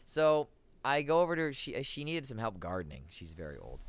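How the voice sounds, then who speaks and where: A man's voice: mid-range voice, wildly swooping pitch, fairly quick. A young man, a podcast guest and musician, chatting casually and acting out quoted voices as he tells a story.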